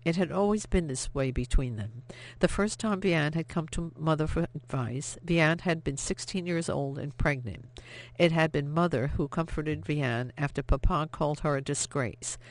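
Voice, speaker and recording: Steady, expressive audiobook narrator. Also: mid-range voice, moderate pace, no echo. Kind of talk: scripted narration of a novel.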